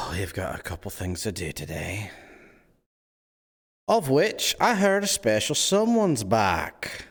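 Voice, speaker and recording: Animated streamer man with a lively voice. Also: on the low side, slow pace, gravelly, husky. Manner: animated, jumping between loud greetings and muttering. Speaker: streamer and roleplay host. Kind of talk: casual game stream chat.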